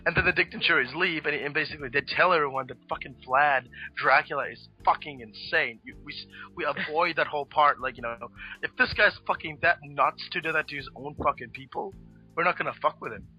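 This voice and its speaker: A man's voice: fairly high pitch, brisk, breathy edge. A man co-hosting a podcast, telling history stories in a rambling, swear-heavy casual chat. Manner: rambling storyteller, lots of swearing and fillers. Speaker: podcast co-host. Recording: dull lo-fi podcast audio with faint music.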